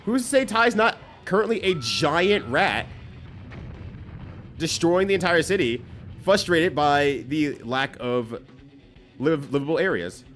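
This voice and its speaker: A man's voice: on the high side, lively intonation, a little slow, long pauses, a bit bright, faint music behind. A man streaming a game live, giving loose, joking commentary that swears casually and rambles between bits.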